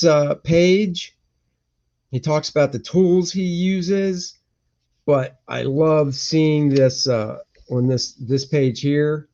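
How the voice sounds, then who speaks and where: A man's voice: on the high side, darkish tone. A man, a cartoonist hosting a live stream, chatting casually and thinking aloud, rambling and muttering to himself as he goes. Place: indoor home room. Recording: dull lo-fi stream audio.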